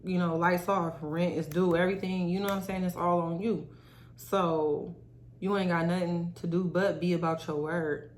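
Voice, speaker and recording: A woman's voice: lowish voice, steady tone, moderate pace, slight background noise. A young adult woman hosting her own podcast, talking candidly and motivationally to her viewers in a casual, direct way. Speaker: podcast host. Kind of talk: casual solo podcast talk.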